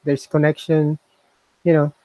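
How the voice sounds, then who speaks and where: A man's voice: on the high side, monotone, a little slow, warm tone, dry recording, poor audio. A man co-hosting a casual chat, talking in a hesitant, musing way full of fillers and restarts. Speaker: co-host reviewing voice software.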